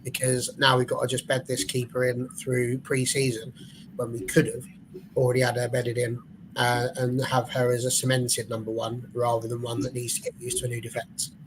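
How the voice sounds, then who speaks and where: A man's voice: mid-range voice, completely flat delivery, normal speed, background noise. Blunt, jokey man. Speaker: fan panelist. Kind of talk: casual chat.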